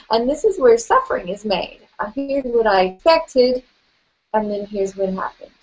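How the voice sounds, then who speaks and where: A woman leads a guided tapping session at an unhurried pace, her voice sitting a little high. She speaks gently and playfully, often laughing. The sound is dull and slightly lo-fi. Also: expressive.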